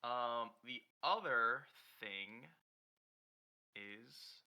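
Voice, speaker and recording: A man's voice: mid-range voice, very slow. A man hosting and running a tabletop role-playing session as dungeon master, explaining things casually with lots of ums. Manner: relaxed, filler-heavy explaining.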